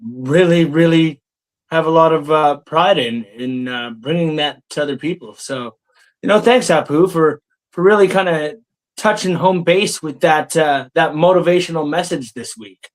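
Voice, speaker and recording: A man's voice: on the high side, moderate pace, poor audio. A man hosting a comedy podcast, talking loosely and repeating himself as he goes. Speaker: podcast host. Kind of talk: casual comedy podcast banter.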